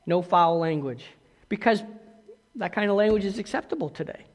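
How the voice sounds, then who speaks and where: A man's voice: high-pitched, normal speed, in a large hall. A man preaching a sermon as pastor, talking conversationally with asides and questions to the congregation.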